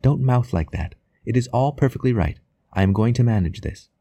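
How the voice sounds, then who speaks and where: A man voicing a poised young wife in a dry, mellow audiobook recording, raising his voice and keeping her tone sweetly mocking and coolly in control. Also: medium pitch, expressive, a little fast, vocal fry, dry recording, pitched above the performer's own voice.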